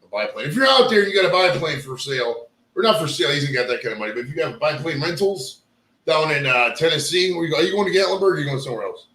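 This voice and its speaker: A fast-talking man hosts a loose, joking chat, his voice fairly high and swinging widely in pitch. He rambles from one tangent to the next. The room around him is echoey. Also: animated, fairly bright tone. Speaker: podcast host. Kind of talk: casual chat.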